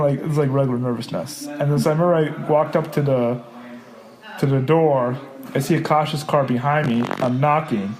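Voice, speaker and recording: A young adult man telling a personal story in casual conversation, lively, acting out quoted dialogue with many fillers. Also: mid-range voice.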